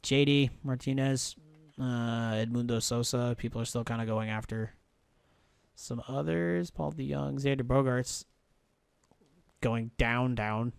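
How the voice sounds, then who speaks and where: A man's voice: medium pitch, steady tone, a little slow, gravelly, clean tone, no echo. Swearing man streaming a baseball game. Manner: swears freely, mutters and thinks aloud. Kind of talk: casual live-stream commentary.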